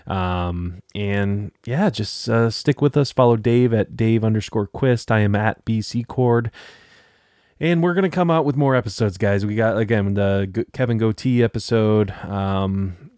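A young podcast host rambles through a casual chat with lots of restarts and fillers. His voice is on the low side and a little mellow, he speaks a little slowly, and the recording is dry and studio quality.

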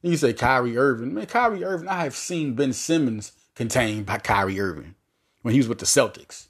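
A man hosting a solo sports podcast, talking in a rambling, animated way with many restarts and fillers. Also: mid-range voice, brisk, slightly rough.

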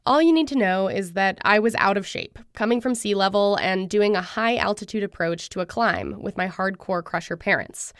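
A woman host giving scripted narration with an even, measured delivery. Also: medium pitch, clean tone, no room sound, clean studio sound.

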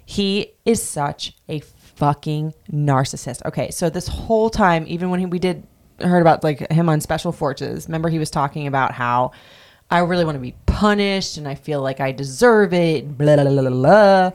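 Low-voiced woman ranting on a podcast. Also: moderate pace. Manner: blunt, ranting, swears freely. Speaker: podcast host. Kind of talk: casual podcast chat.

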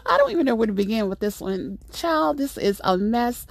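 Middle-aged woman host, gravelly voice, dry close mic, chatty exasperated storytelling. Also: a little high, normal speed, no room sound. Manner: animated, exasperated, rambling with fillers. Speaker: podcast host. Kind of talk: casual storytelling monologue.

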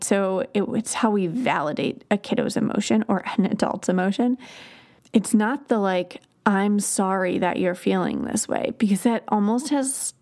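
A woman's voice: mid-range voice, a little mellow. A woman hosting a podcast, explaining child development in a conversational way with example phrases to children. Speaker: podcast host.

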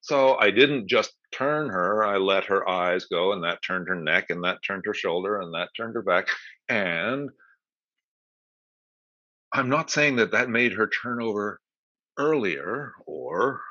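A man's voice: fairly low pitch, animated, unhurried, sharp tone, no room sound. An older man, a movement educator, explaining thoughtfully in a conversational interview with rambling asides. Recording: dull lo-fi dry remote audio.

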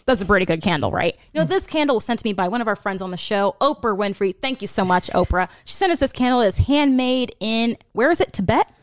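A woman's voice: mid-range voice, animated, fast talker, hardly any pauses, dry recording, studio quality, close to an everyday voice. A woman imitating a boastful, hyped-up male podcast host who rambles and name-drops. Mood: mock-bragging. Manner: showy, rambling, name-dropping. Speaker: guest.

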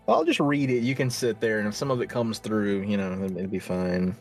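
A man's voice: lowish voice, lively intonation, brisk, soft background music. A man co-hosting a podcast with dry, wry humor in casual chat. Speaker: podcast co-host and storyteller.

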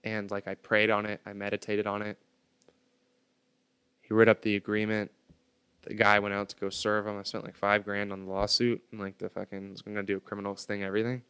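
A man holds forth in a relaxed chat, telling a story with emphatic, slangy, profane energy. His voice sits low and comes through smooth and resonant. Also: fairly quick.

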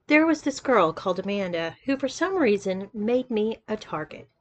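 A woman's voice: mid-range voice, very animated, moderate pace. A woman voicing a stammering young man. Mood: confessing. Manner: stammering and defensive. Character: flustered young man, the story's narrator, hiding a past.

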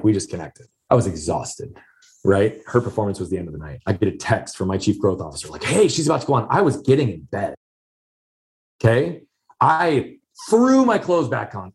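A man telling a personal story in a conversation, earnest and emphatic, repeating key phrases for weight. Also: on the low side.

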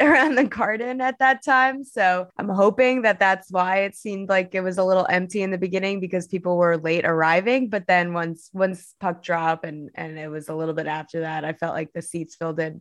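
A woman reporter discussing a hockey game in chatty, lively analysis on a sports talk show. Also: medium pitch, no echo.

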